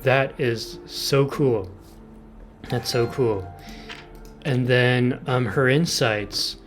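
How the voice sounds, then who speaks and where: A man's voice: mid-range voice, drawn-out words, soft background music. A man hosting a gaming video, explaining team setups in casual commentary and exclaiming with enthusiasm over game details.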